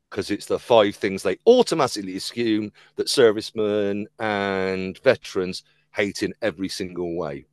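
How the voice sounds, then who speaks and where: A man's voice: on the low side, no echo. A man hosting a casual comedy podcast, telling stories and acting out the voices of the people in them. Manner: animated storyteller who acts out quoted voices.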